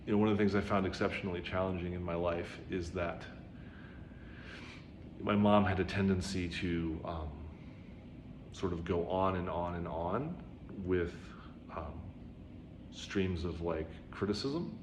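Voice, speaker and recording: A man's voice: low-pitched, unhurried, pauses often. A man giving an informal Zen dharma talk, chatty, with frequent "right?" asides, who raises his voice to act out quoted dialogue. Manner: conversational, many "right?" and "you know" asides. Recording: roomy echo with faint background noise.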